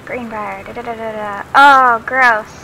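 A woman's voice: fairly high pitch, steady tone, a little slow, pushed and bright, a little hiss or hum, poor audio. A young adult woman casually commenting as she plays a game, chatty and giggly, reading notes aloud as she finds them. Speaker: let's play host.

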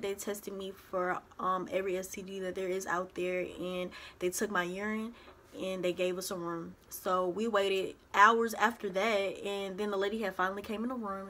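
Young woman telling a personal story. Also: mid-range voice. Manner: animated retelling, acts out others' voices. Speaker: vlogger. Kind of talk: casual storytelling.

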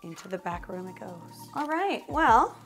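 Woman vlogger, casual and chatty, gravelly voice, background music. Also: medium pitch, big pitch swings, unhurried, a bit bright. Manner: chatty, lots of "like" fillers. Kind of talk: casual cooking vlog.

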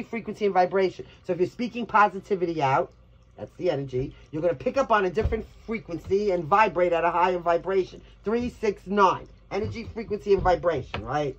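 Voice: medium pitch, expressive, brisk, muffled recording. A tarot reader from Brooklyn giving a casual reading, blunt and chatty, swearing freely. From New York, Brooklyn.

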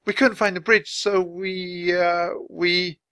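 Brief: bold, excited young girl, voiced by a male reader, high and cheerful. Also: normal speed, no room sound, clean studio sound. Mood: eager.

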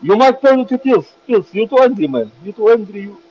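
A man on a video chat speaking broken English, calmly mocking and repeating the same lines. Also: high-pitched, fairly quick, over a noisy crowd. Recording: dull lo-fi sound.

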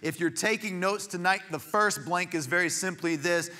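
This pastor's voice sits high with a sharp tone, moving at normal speed. He preaches a sermon in a church, narrating stories conversationally and often starting over mid-thought.

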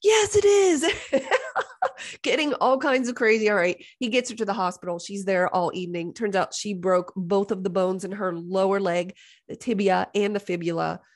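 A middle-aged woman hosts a podcast, telling a story casually and with lots of animation while sounding exasperated and joking. She often slips into other people's voices, speaking at a medium pitch and a fairly quick pace.

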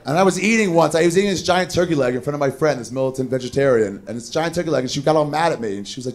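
On a club stage, a man in his thirties performs a profane stand-up set, mocking people with quick impressions. His voice runs on the high side with lively intonation.

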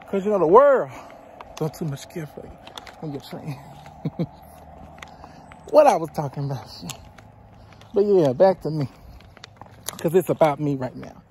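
There's slight background noise as a woman in her twenties, medium-pitched and a little mellow, walks outdoors near the woods on a roadside. Breathless, she talks casually to her handheld phone camera, offering blunt advice peppered with swearing.

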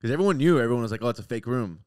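A young man co-hosting a podcast who chats in an excitable way. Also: mid-range voice, rapid-fire, clear, resonant tone, no echo, studio quality. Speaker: podcast co-host. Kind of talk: casual chat.

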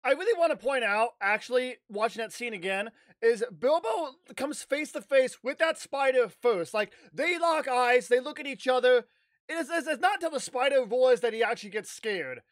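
A man telling a casual, animated story on his vlog, rambling with restarts and the odd swear word. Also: extremely high pitch, normal speed, no echo. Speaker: YouTuber.

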